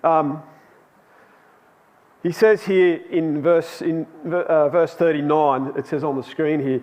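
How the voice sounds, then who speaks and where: A man's voice: a little high, steady tone, takes it slowly, darkish tone. A man telling a personal story in a chatty, anecdotal sermon to a youth Bible class in a church hall. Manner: chatty and anecdotal, with laughs and restarts.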